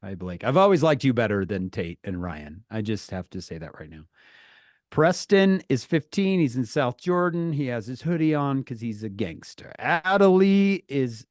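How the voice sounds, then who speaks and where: A man's voice: medium pitch, sing-song, normal speed, no room sound, studio quality. A man hosting a youth group on a video call, greeting each person in a playful, teasing way. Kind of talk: casual chat on a video call.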